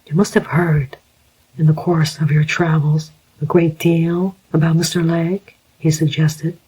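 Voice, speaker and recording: A narrator whispering the part of a gentle, formal older male inquiry agent, as whispered role-play. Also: mid-range voice, level tone, unhurried, slightly rough, low-quality recording. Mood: grave.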